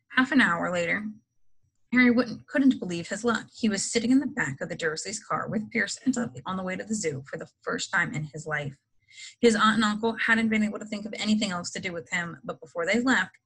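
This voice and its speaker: Bright woman reading a storybook aloud. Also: on the low side, breathy edge, poor audio. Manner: expressive storybook narration. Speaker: reader.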